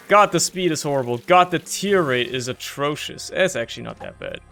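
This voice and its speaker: A young male gaming YouTuber narrates his own gameplay in a casual, slangy way, laughing a lot and getting worked up over what happens on screen. His voice sits on the high side and is a little creaky, moving a bit fast with hardly any pauses. He talks to himself as he plays, staying animated throughout.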